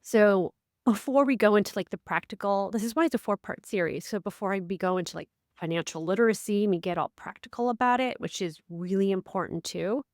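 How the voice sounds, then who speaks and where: A woman co-hosting a casual podcast, a life coach who tells stories with lively, acted-out quotes. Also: a little fast, no echo, clean studio sound. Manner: animated storyteller, acts out quotes with big pitch swings.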